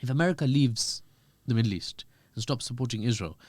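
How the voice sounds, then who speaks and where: A podcast guest offers conversational political commentary, animated and joking, acting out quoted voices. His mid-range voice moves a little fast, recorded dry and close with no echo.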